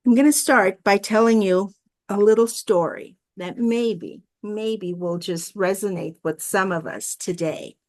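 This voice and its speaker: A woman's voice: mid-range voice, a little slow. A woman guest minister giving a sermon over a video call, with friendly asides and a storytelling manner. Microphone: video call mic.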